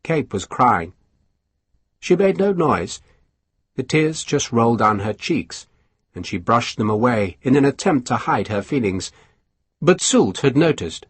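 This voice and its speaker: A man narrating an audiobook in an expressive storytelling manner. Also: medium pitch, unhurried, long pauses, breathy edge, dry recording. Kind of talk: scripted narration.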